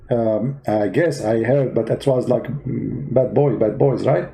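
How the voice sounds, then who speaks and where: A man's voice: mid-range voice, measured pace, creaky, few pauses, mellow, poor audio. A man hosting a parody debate, asking sarcastic, mock-innocent questions. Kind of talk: comedy skit.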